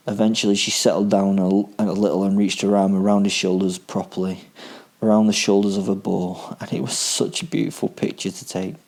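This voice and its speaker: A man's voice: low-pitched, little pitch movement, brisk, a little mellow. A man narrating a first-person horror story in a dry, darkly comic, matter-of-fact way. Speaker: podcast host and narrator.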